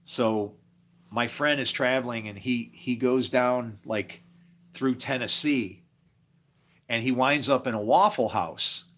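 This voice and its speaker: A man's voice: mid-range voice, takes it slowly, fairly bright tone. A man talking casually on a live stream, rambling from story to story and chuckling often, with preachy asides. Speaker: livestreamer.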